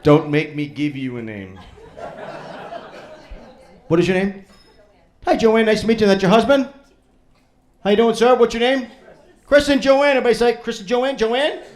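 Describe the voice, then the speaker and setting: He's a stand-up comedian with a high-pitched, animated voice who speaks at a moderate pace and pauses often. With a hint of New in his speech, he does brash, crude crowd work, teasing the audience as they laugh in the comedy club.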